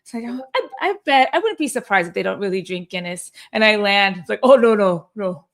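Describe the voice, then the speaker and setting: A woman's voice: medium pitch, big pitch swings, quick pace, fairly bright tone. A woman co-hosting a weekly company call in casual chat, upbeat and chatty, laughing often.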